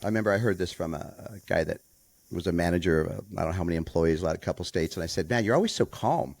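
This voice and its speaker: A man co-hosting a podcast and chatting casually, a softball coach telling stories and acting out what people said. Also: sits low, very fast, vocal fry, no echo. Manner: storytelling, calm, quotes people in voices.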